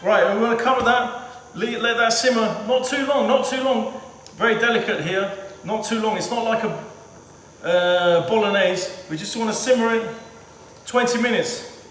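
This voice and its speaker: Home cook, male, high voice, chatty and repetitive, filmed from a distance in a kitchen with a long echo and clear background noise. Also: fairly bright tone. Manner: chatty, repeats himself. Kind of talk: casual cooking demonstration. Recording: echoey kitchen from far off.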